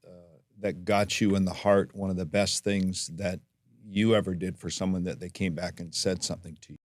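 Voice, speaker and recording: A man's voice: low-pitched, flat delivery, normal speed, no echo, studio quality. A man who owns a gymnastics gym, talking thoughtfully as a guest on a podcast with frequent fillers. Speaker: gym owner and gymnastics coach. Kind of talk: casual interview conversation.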